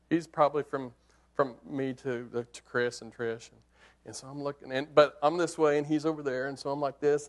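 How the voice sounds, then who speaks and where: A man preaching tells a hunting story to illustrate his sermon, speaking in an animated, conversational way that swings from hushed to excited. His voice is medium in pitch.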